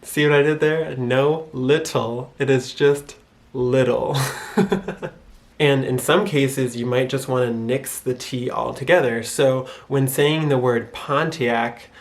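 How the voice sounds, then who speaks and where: A man's voice: mid-range voice, steady tone, unhurried. Young man, Michigan accent, casual vlogger, giggles often, exaggerates pronunciations. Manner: chuckles often between sentences; demonstrates pronunciations by exaggerating them. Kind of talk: casual explainer vlog.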